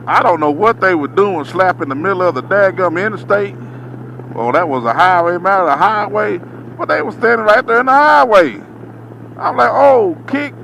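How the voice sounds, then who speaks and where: Animated trucker spinning a yarn. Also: male voice, on the high side, a little hiss or hum, rough recording. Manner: animated, drawling, slangy, acts out his own reactions. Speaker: truck driver telling a story. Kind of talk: casual storytime monologue.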